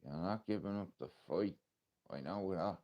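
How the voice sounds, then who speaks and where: A man's voice: low-pitched, normal speed, muffled recording. A man with an Irish accent talking casually on a live stream, blunt and emotional, swearing often as he tells a story. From Ireland. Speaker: livestreamer.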